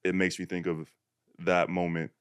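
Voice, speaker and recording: A laid-back young man hosts a casual podcast chat, his voice low-pitched and smooth. He laughs easily and talks in loose, relaxed runs. The sound is dry and close. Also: moderate pace, no room sound. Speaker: podcast host.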